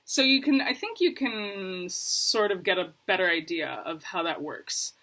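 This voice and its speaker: A woman's voice: fairly low pitch, expressive, measured pace, bright, forceful tone. A woman teaching a casual video lesson, chatty and self-deprecating, laughing often. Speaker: Hebrew teacher. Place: lived in Brooklyn.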